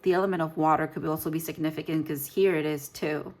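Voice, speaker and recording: A woman's voice: sits low, steady tone, quick pace, darkish tone. A woman giving a casual tarot reading, rambling and searching for her words with frequent fillers. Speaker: tarot reader.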